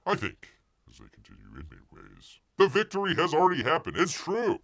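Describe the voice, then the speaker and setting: A man's voice: on the high side, wildly swooping pitch, a little fast, a bit bright, no room sound. A man hosting a show, giving sarcastic, rambling news commentary full of fillers and asides. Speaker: host.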